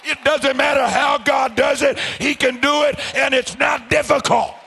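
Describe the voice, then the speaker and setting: A man preaching a sermon, swinging between hushed, low storytelling and shouted, fervent declarations. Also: fairly even intonation, normal speed, creaky, faint music behind, a faint crowd.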